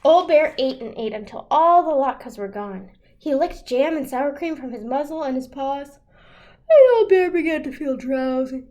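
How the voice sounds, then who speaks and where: A woman librarian reading a picture book aloud to children in an expressive, animated way over a video call. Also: sits high, moderate pace.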